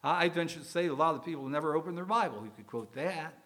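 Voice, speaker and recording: A man's voice: on the high side, fast, fairly bright tone. A male pastor preaching a conversational sermon, asking the congregation questions and explaining a verse. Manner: conversational, asks the congregation questions, uses some fillers.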